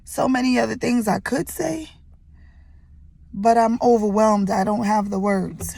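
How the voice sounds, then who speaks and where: A woman's voice: on the high side, unhurried, creaky, darkish tone, dry recording. A young woman in a gym telling a personal testimony in a rambling, chatty way with lots of fillers, fighting back tears as she talks. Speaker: vlogger sharing a testimony. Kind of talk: emotional personal testimony vlog. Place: indoors at a gym.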